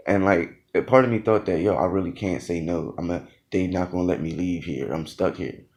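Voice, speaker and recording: A man's voice: low voice, a little fast, darkish tone. A young man, a former Marine, telling a boot camp story in a loose, laughing, slangy way. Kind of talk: casual storytelling vlog.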